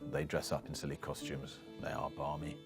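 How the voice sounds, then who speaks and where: A man with a very deep voice explains slang words in an easy, matter-of-fact chat. He keeps it conversational and plain. Soft music hums faintly behind him. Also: monotone, a little fast, vocal fry. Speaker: slang explainer in a video clip.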